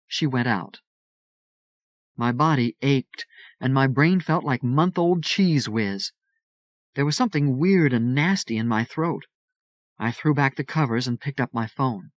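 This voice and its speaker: Guy reading a story out loud, steady and even, close dry mic. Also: mid-range voice, measured pace, dry recording, highs cut off. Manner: steady first-person storytelling. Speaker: audiobook narrator. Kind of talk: audiobook reading.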